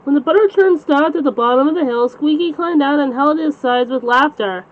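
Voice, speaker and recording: High-voiced woman reading a bedtime story. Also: brisk. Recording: slightly dull lo-fi recording.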